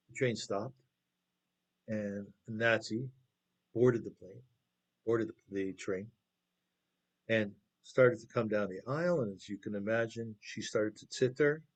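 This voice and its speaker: A man teaches by telling stories in a relaxed, conversational way. He keeps putting questions to his listeners. The sound comes through a video call. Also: on the low side. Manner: conversational, asks the audience questions. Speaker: lecturer. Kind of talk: storytelling lecture.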